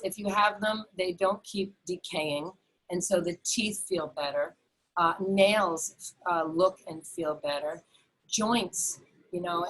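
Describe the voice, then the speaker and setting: A middle-aged woman, a health educator, gives an enthusiastic webinar over a video call in a lowish voice, and the recording is rough. She is earnest and repetitive, often restarting her sentences with fillers.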